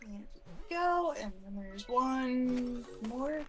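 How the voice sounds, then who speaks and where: A woman's voice: high-pitched, expressive, takes it slowly, a bit bright, faint music behind. A woman co-hosting a game stream, upbeat and dryly sarcastic, keeping the session on track. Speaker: co-host streamer. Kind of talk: casual gameplay chat.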